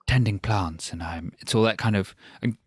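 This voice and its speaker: A man's voice: low voice, brisk, slightly rough, dry recording. A man co-hosting a casual film review podcast, joking, interrupting and slipping into mock posh impressions. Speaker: podcast co-host.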